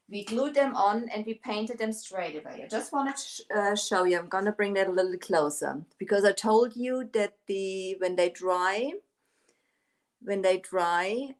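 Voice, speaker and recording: A middle-aged woman from Germany, a native German speaker, chatting casually on a live stream while demonstrating furniture painting, with lots of fillers and restarts. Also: medium pitch. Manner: chatty, hesitant with many fillers, greets viewers.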